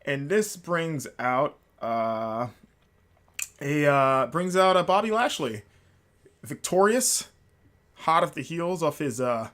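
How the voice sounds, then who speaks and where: A man's voice: a little high, expressive, takes it slowly, pauses often, fairly bright tone. A man hosting a casual solo podcast, rambling and enthusiastic, with lots of fillers and restarts. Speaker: podcast host.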